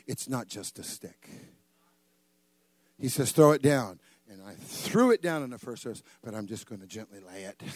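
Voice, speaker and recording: An older man preaching a sermon, joking and acting out voices, with sudden loud bursts. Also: medium pitch, no room sound. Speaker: pastor.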